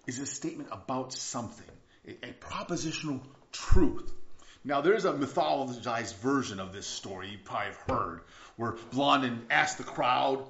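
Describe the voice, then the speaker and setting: A man preaching a sermon as pastor, telling a story emphatically and dropping to hushed tones. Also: medium pitch, normal speed. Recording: echoey room, dull lo-fi sound.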